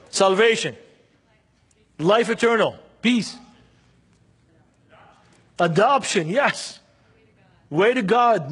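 Husky high-voiced male preacher. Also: a bit bright. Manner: earnest, engages the congregation with questions. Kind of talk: sermon with storytelling.

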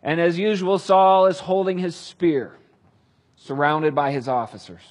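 Man, Bible teacher, husky and slightly high, lively storytelling. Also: unhurried. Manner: animated, conversational. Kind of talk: casual Bible storytelling with commentary.

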